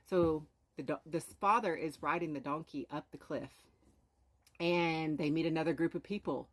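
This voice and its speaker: Woman, live-stream host, lowish voice, earnest storyteller, checks in with "right?". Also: normal speed. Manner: earnest, with frequent rhetorical "right?". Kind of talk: inspirational storytelling talk.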